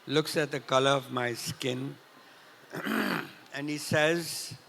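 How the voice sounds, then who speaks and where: Slow, unhurried older man. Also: medium pitch, steady tone, fairly bright tone, slight background noise. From India, Punjab. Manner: clears throat often, unhurried anecdotal retelling. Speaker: festival speaker. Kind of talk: storytelling talk. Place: large hall at a literature festival. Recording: reverberant hall.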